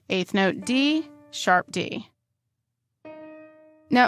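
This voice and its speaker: Woman calmly narrating a software tutorial. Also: mid-range voice, dry recording. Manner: calm, step-by-step, narrating each keystroke. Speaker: music notation instructor. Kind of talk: screen-recorded software tutorial.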